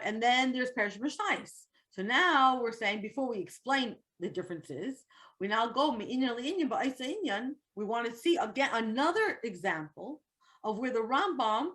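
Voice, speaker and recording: A woman's voice: fairly high pitch, fairly bright tone. A woman teaching an online Torah class, reading Hebrew text and translating it line by line into English.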